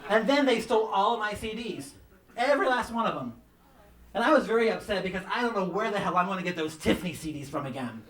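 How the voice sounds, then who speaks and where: A man doing a stand-up comedy set, telling campy stories about his mother and mimicking her in a shrill voice, with audience laughter behind him. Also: expressive, quick pace, fairly bright tone. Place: comedy club stage. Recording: roomy club sound from some distance.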